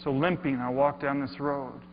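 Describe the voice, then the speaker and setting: A man giving a dramatic storytelling talk, dropping to hushed murmurs and rising to shouts. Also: medium pitch, little pitch movement, moderate pace. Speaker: speaker. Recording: echoey hall, dull lo-fi sound with hum.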